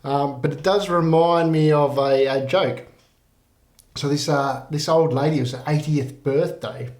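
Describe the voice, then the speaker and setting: A man giving a casual whisky tasting review in a relaxed, rambling way with many fillers. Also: on the high side, measured pace. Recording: roomy echo.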